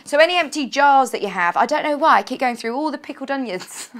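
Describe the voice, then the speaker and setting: A young British woman presenting on a live shopping channel, bubbly and chatty, with quick asides and self-corrections. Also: high voice, animated. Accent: British English. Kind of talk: live TV selling chat. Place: TV studio.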